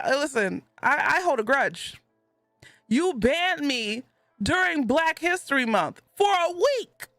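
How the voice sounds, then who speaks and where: Woman gaming streamer, bantering with chat, swinging lively pitch, dry close sound, faint music behind. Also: no echo. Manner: animated, laughs a lot, banters with chat. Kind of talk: casual live-stream chat.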